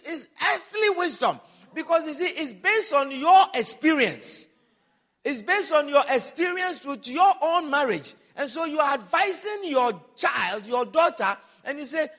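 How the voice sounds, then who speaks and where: A man preaching a sermon, emphatic and repetitive, calling out hallelujah and rising to loud, animated passages. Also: extremely high pitch.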